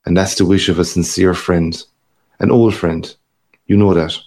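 A man's voice: low voice, steady tone, normal speed, darkish tone, close to an everyday voice. A man reading aloud, voicing a boastful, worldly middle-aged man with a hearty, patronizing manner. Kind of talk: audiobook character reading.

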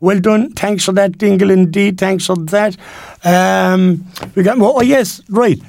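A man's voice: sits high, fairly even intonation, unhurried, creaky, darkish tone. Chatty Irish local radio presenter, man. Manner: chatty, rambling, homely. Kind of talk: local radio shout-outs.

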